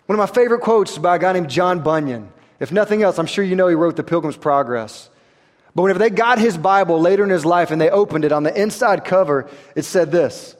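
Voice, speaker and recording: A man, preaching a sermon that swings between quiet, intense stretches and rising emphasis. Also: high-pitched, animated, a little fast, in a large hall. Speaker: pastor.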